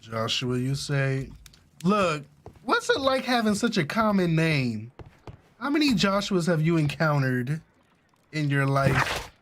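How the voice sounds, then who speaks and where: Male gaming streamer, slightly high voice, chatty, joking, swears freely, casual let's-play talk. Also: big pitch swings, slow, noisy background.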